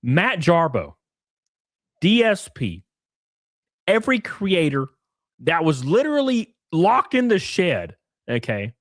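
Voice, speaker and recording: Male live-stream host, animated and sarcastic, swears freely, dry booth sound. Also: a little high, takes it slowly, long pauses, dry recording. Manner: animated, sarcastic, profane, keeps saying "brother". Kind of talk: live-stream commentary reading tweets.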